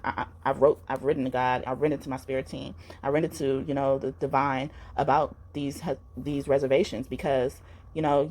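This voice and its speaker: A woman with a low voice talks earnestly through a spiritual tarot reading. She rambles and restarts her sentences, filling gaps with "um" and "you know". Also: a little mellow. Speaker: tarot reader.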